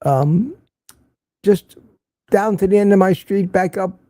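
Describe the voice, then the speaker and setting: A man's voice: high-pitched, slow pace, mellow, no echo. An older man hosting a casual livestream, reading viewer comments and giving blunt, opinionated remarks that he often repeats for emphasis. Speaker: livestream host.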